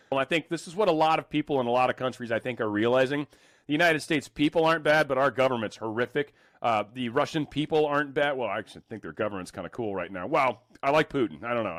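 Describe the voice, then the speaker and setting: A man's voice: medium pitch, no echo, studio quality. A man casually reading news articles aloud and adding sarcastic, joking remarks between passages. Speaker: commentary host reading news.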